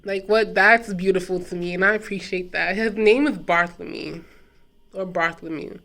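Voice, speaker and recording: A woman's voice: fairly low pitch, fairly even intonation, fairly bright tone. Reflective young woman telling a story. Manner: reflective, unhurried, trailing pauses and repeated words. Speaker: vlogger and self-published author. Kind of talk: casual personal storytelling.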